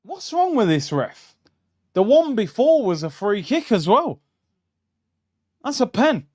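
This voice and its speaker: Young male host, football watchalong, high and animated, excitable and chatty. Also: slow pace. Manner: excitable, shouts at the screen, chatty tangents. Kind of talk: live match reaction commentary. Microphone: streaming mic.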